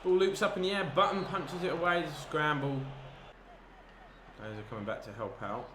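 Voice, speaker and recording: A man commentating on his own football video game match, chatty and easily excited, breaking into shouts at big moments. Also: fairly high pitch, normal speed. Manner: excitable, bursts into shouts at chances. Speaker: gaming commentator. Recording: echoey room with background noise.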